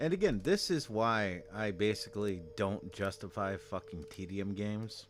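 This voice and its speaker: A man with a lowish voice rants through a casual game stream, annoyed and swearing freely. A faint hiss sits under his voice. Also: normal speed. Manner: profane, exasperated ranting.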